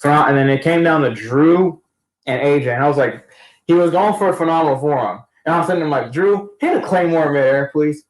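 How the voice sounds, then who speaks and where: A man's voice: a little high, fast. A man giving a casual, rambling recap of a wrestling event, talking in slang and often restarting his sentences. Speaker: wrestling fan vlogger. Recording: echoey room.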